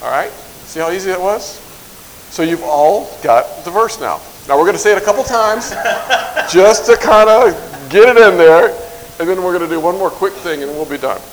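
A man teaching a Bible verse to a live group, light-hearted and joking, drawing out lists slowly as he recites. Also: high-pitched, slight background noise, rough recording. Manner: light-hearted, jokes and chuckles; slow, drawn-out recitation of lists. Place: in front of a group in a room.

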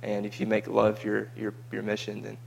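An American man, a vlogger, chats casually about a mission trip, rambling and repeating his words as he goes. His voice sits on the low side and is monotone and creaky, at a moderate pace, with slight background noise.

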